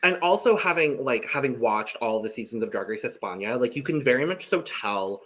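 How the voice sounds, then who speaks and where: A man co-hosting a casual reality TV podcast, eager and quick to laugh. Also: medium pitch, lively intonation, a bit bright. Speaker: podcast co-host. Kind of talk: casual chat.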